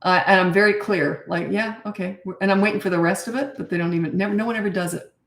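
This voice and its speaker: A middle-aged woman coaches parents live, blunt and confident, and often slips into quick acted bits of dialogue. Her voice sits low with a gravelly edge. The room around her gives it a noticeable echo. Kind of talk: casual live-stream advice. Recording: echoey room.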